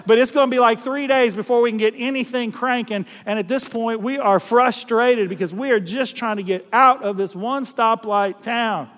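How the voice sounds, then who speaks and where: Man, pastor, very high voice, folksy storytelling sermon, long hall reverb. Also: moderate pace, few pauses. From South Louisiana. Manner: folksy, animated storyteller who acts out voices and laughs at himself.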